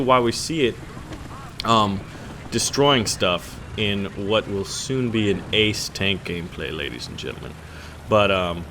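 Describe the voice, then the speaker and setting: A man's voice: medium pitch, fairly bright tone, slight background noise. A man hosting a gaming channel, chatting casually over his gameplay in a rambling, joking way with lots of fillers and restarts.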